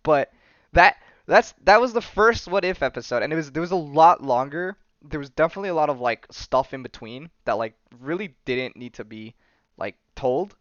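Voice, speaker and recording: Recapping comics on his podcast, this host sounds higher-pitched, a bit bright, and animated, speaking at normal speed. The chat rambles, full of fillers and restarts, in a dry recording missing its highs.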